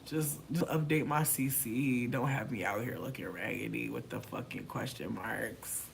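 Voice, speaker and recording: A man chatting casually to camera, animated and profane, swinging from loud outbursts to mumbled asides. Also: medium pitch, normal speed, gravelly, a little hiss or hum. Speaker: vlogger.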